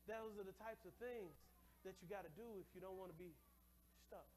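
A male pastor preaching a sermon in church, telling a personal story and then building to loud, shouted preaching, and calling on the congregation to repeat words after him. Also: sits high, a little fast. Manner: laughs often, calls on the congregation to repeat words.

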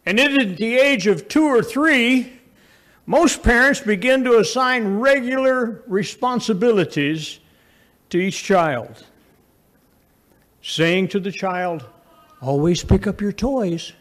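Preacher guy, kinda high voice, folksy stories, goes loud then drops real quiet. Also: takes it slowly. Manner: folksy storytelling, swings from raised emphasis to low quiet asides. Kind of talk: sermon.

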